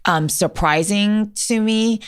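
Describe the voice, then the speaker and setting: A woman's voice: medium pitch, slow pace, clean tone. A woman who is a leadership consultant, a guest on a podcast, explaining her ideas thoughtfully with frequent ums. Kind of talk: casual conversation.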